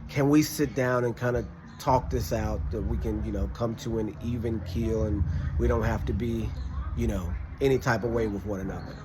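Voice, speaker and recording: A man whose voice sits on the low side tells a personal classroom story at a moderate pace against a noisy background. He's casual but emphatic and animated, repeatedly acting out other people's lines.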